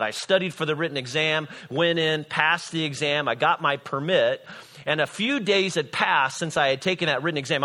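A man's voice: medium pitch, bright, forceful tone. A middle-aged man from Illinois, a pastor preaching a sermon in a conversational storytelling way with frequent "all right?" asides.

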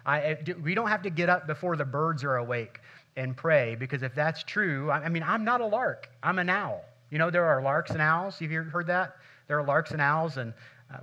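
A man's voice: on the high side, sharp tone, muffled recording. A middle-aged male pastor preaching a sermon in a conversational, humorous way, acting out little scenes.

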